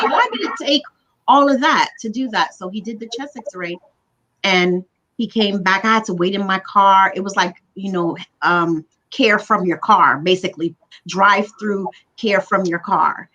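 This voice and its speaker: A woman's voice: medium pitch, moderate pace, pushed and bright, rough recording. A woman telling her own story as a livestream guest, earnest and emotional, repeating words for emphasis over a video call. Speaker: guest recounting her illness.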